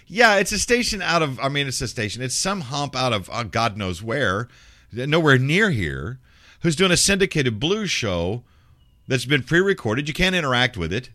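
A man's voice: medium pitch, big pitch swings, brisk, sharp tone, no echo, clean studio sound. A middle-aged man from Memphis, a radio host ranting bluntly and profanely in casual talk. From Memphis, Tennessee. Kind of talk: casual rant.

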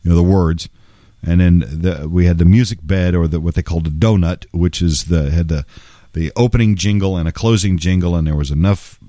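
A man's voice: deep voice, fairly even intonation, brisk, warm tone, dry recording, clean studio sound. A male voice-over artist telling a casual story in a wry, conversational way, with some salty language.

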